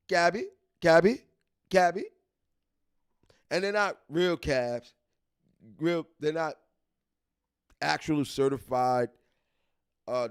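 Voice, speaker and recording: A man from New York with a New York accent, hosting a live stream and chatting casually, repeating himself and restarting his sentences. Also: on the high side. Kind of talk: casual commentary reading a list.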